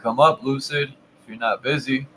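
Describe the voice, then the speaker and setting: A man hosting his channel, giving casual commentary while browsing old maps, with relaxed, amused, slangy asides. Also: mid-range voice, normal speed, slight background noise, low-quality recording. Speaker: channel host.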